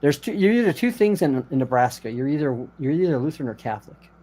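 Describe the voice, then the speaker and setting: A man's voice: on the high side, fast. Rambling, laughing man from Colorado. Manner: rambling, animated, laughs often. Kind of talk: casual chat.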